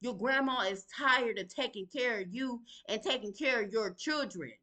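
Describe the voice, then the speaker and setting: A woman's voice: a little high, normal speed. A middle-aged woman, venting in an emotional direct-to-camera vlog, heated and confrontational, calling out absent people in plain vernacular speech. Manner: Southern vernacular, sighs and breathes to calm down. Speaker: mother venting on a video.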